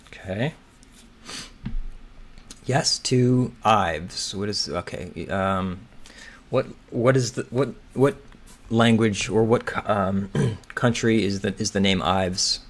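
A man's voice: lowish voice, very slow, pauses often. A man thinking aloud as he solves a crossword, hesitant and muttering, often turning his guesses into questions. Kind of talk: thinking aloud while solving.

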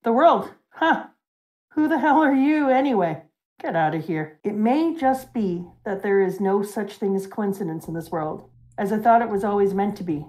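A woman voicing a gruff older male pirate who looks back on his youth, in a low, quiet and reflective way. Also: lively intonation, normal speed, lightly acted, poor audio. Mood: wistful.

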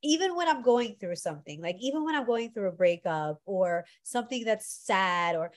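A woman with a mid-range voice speaks at a moderate pace in a casual chat. She leads spiritual retreats and works as a spiritual guide, and she tells stories animatedly, acting out the people she quotes.

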